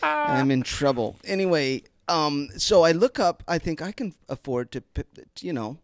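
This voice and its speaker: A man in his thirties co-hosting a podcast in casual chat, making wry, dark jokes. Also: a little high, moderate pace, no echo. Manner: wry and joking, animated delivery. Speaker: podcast co-host.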